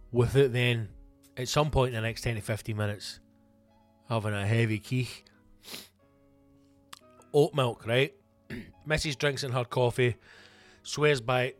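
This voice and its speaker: A Scottish man hosting a comedy podcast, ranting in an animated, sweary monologue. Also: medium pitch, no room sound. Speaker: comedian host.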